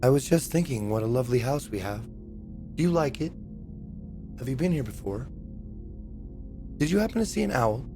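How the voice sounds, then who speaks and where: A man reading aloud the lines of a calm, dreamy house resident in a game, in a low, soft, measured voice. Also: music in the background, lightly acted.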